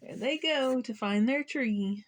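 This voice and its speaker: A woman reads a children's picture book aloud at an unhurried pace. She is playful and engaging, pausing to ask young listeners questions and chuckle along with the story. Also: on the high side, slight background noise.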